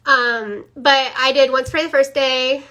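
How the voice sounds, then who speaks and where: A woman's voice: high voice, fairly even intonation, unhurried, pushed and bright, dull audio. A young woman earnestly giving a casual testimonial as a mother, with many fillers and repeats. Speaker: mother sharing a product testimony.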